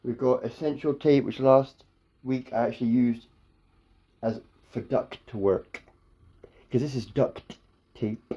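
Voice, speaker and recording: A man's voice: medium pitch, slow, long pauses, dull audio. A man rambling through silly improvised wordplay at home as a comedian, his mouth a bit dry. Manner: playful, silly wordplay, slips into daft voices.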